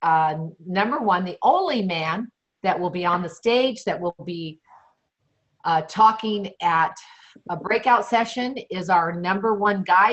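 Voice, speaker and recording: A woman's voice: mid-range voice, a bit bright, low-quality recording. A woman hosting a webinar, casually introducing a guest and stopping now and then to hesitate. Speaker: host.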